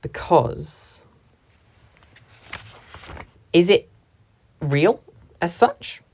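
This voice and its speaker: A woman's voice: fairly low pitch, expressive, extremely slow, creaky, a little mellow. A young woman, a drama performer, giving a reflective talk about how a stage scene is split between actors. She is analytical and stresses key words when she quotes lines.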